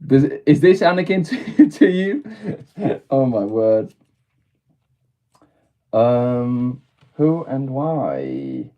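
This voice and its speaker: A man's voice: medium pitch, very animated, drawn-out words, pauses often, dark tone. A British man chatting casually on a live stream, laughing often and answering his chat as he goes.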